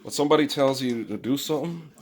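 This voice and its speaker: A man's voice: medium pitch, quick pace. A man from Phoenix, rambling and swearing freely as he talks to his own camera at home. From Phoenix, Arizona. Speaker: vlogger touring his house. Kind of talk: rambling casual monologue to camera. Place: indoors at home. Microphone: own camera set up in the room.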